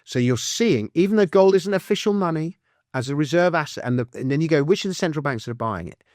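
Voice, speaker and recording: A man's voice: on the high side, animated, darkish tone, no echo. Chatty man, dry close sound. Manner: chatty, restarts and quick asides while explaining. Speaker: author and financial commentator, guest. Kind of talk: casual interview conversation.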